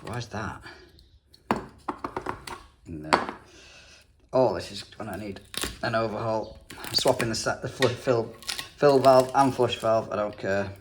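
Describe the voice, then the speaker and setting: Low-voiced english plumber bloke chatting through a toilet job, dry moany asides. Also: male voice, unhurried, long pauses, background noise. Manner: chatty, dry grumbling asides while working. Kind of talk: casual work vlog narration. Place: indoor bathroom on a job.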